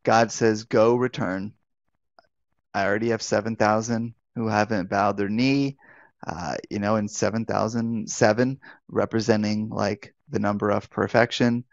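A man's voice: fairly low pitch, steady tone, a little slow, creaky, no room sound, lo-fi sound. A man teaching as a pastor in a live online Bible talk, speaking conversationally, restarting phrases and asking rhetorical questions. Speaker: pastor and life coach.

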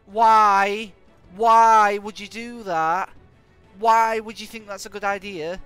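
A man's voice: sits high, takes it slowly, smooth, dry recording. A man giving jokey, sarcastic live commentary while he plays a game. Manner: jokey, sarcastic, animated, bursts of exclamations. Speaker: live-streaming gamer. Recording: faint music in the background.

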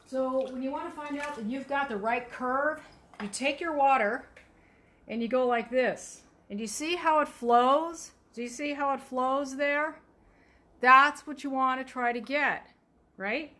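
Her voice sits high and comes out a little slow, pushed and bright. She's a potter giving a wheel demo on a livestream, joking around as she works the clay and talks through it live.

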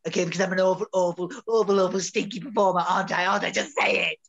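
Woman playing a male director, self-pitying, melodramatic, low voice, lo-fi call audio. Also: steady tone, rapid-fire, crowd noise, close to an everyday voice. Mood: sulky. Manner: whiny, sulky, melodramatic. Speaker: student actor. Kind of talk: online amateur drama over video call. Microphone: video call. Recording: dull lo-fi video call audio.

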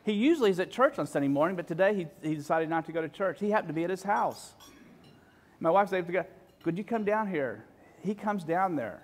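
A man in his forties telling a personal story in an emotional, halting way, full of restarts. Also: high-pitched, animated.

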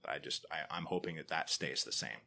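Male podcaster guest, deep but bright voice, wry and rambling. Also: brisk, creaky. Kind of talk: casual interview chat.

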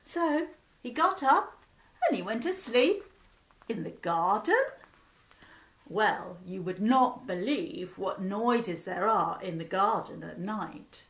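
A woman teacher reading a picture book aloud to children, slow and animated, with lively sound effects. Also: medium pitch, vocal fry. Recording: echoey room.

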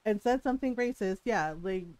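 Animated woman ranting on stream, dry sound. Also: mid-range voice, brisk, dry recording, rough recording. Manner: animated storytelling rant, frequent laughs and swearing. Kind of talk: casual live-stream chat.

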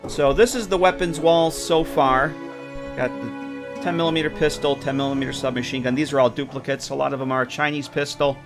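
A man's voice: mid-range voice, fairly even intonation, fairly quick, music in the background. A man casually streaming a game, rambling with lots of fillers and chatting with viewers. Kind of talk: casual live-stream commentary.

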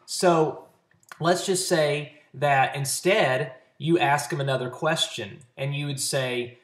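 A man's voice: a little high, slow, a bit bright. A man at home giving a casual, earnest talk to camera, coaching his sales network with practical tips. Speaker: network marketing trainer. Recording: roomy echo.

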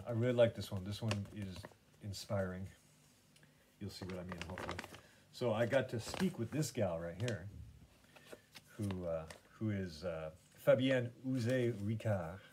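A man's voice: fairly low pitch, noisy background. A man hosting his own podcast, chatting casually about painting and gallery visits in a meandering way, full of fillers and restarts. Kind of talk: casual rambling chat.

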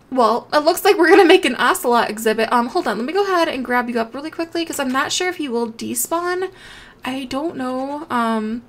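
A young woman hosting a game channel, chatting casually as she plays and gushing over animals with excitable, sweet baby-talk. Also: high voice. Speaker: gaming channel host.

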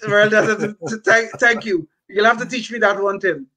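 A man's voice: high voice, normal speed, bright, forceful tone. An older man co-hosting a political talk show, speaking emphatically with frequent restarts. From California. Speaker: podcast co-host. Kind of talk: political commentary.

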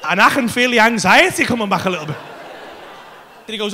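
A man doing animated stand-up storytelling in a comedy club, swearing freely and acting out voices. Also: sits high, quick pace, long pauses. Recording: live comedy club set.

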